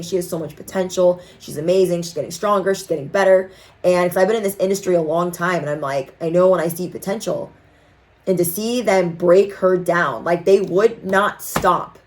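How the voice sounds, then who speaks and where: Animated woman telling viewers a story. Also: on the low side. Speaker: tarot reader. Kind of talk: casual chat to viewers.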